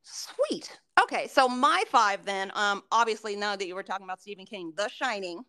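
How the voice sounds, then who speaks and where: Speaking at a normal speed in a mid-range voice, this woman co-hosts a casual podcast chat. She swears a lot and acts out what her friends said in animated retellings.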